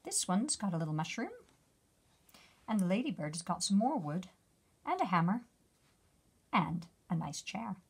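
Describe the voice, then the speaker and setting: A woman reading a picture book aloud to children as their teacher, gently asking them questions about the pictures. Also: lowish voice, sing-song, normal speed, long pauses, breathy edge. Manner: gentle, asks the listener questions.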